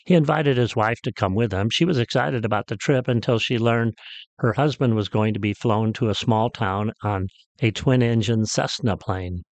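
A man's voice: lowish voice, moderate pace, no room sound. A man who is a pastor, preaching a radio sermon in a storytelling way that builds to emphatic peaks.

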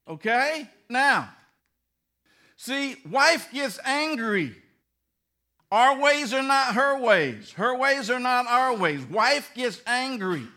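A middle-aged pastor delivering a lighthearted sermon, his voice high and bright. He talks unhurriedly, acts out both sides of everyday conversations, and punches key lines with laughing emphasis. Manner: storytelling with mimicked dialogue, bursts of laughing emphasis. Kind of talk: humorous sermon.

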